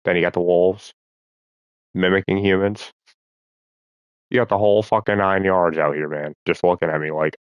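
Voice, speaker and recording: A man with a very low voice rambling through a profane vlog monologue. He talks as if to himself, circling back on his thoughts. The recording is close and dry. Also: level tone, moderate pace, long pauses, clear, resonant tone, no echo, lo-fi sound. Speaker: vlogger.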